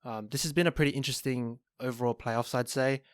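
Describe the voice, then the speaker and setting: A man co-hosting a sports podcast, talking in a measured way with frequent pauses and restarts. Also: mid-range voice, steady tone, clear, resonant tone, no echo, studio quality. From Australia. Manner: measured, hesitant, lots of ums and restarts. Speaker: podcast co-host. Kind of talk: casual chat.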